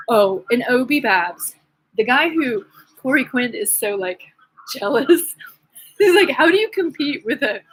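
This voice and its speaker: A woman talks straight to her own camera in a loose, rambling vlog. Her voice is a little husky, and she sounds agitated and gossipy, with many fillers. Her pitch sits in a middle range. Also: low-quality recording. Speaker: vlogger. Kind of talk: rambling casual monologue.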